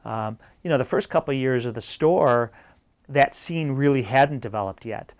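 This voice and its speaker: A man recalling an old music scene in a documentary interview, relaxed, with frequent fillers. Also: mid-range voice, moderate pace, no room sound.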